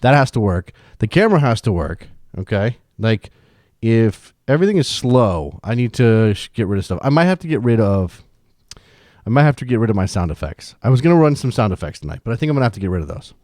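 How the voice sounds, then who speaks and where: A man's voice: on the low side, darkish tone, no room sound, clean studio sound. A man hosting a casual live stream from home, talking into a microphone with a rambling, self-deprecating manner. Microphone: desk microphone.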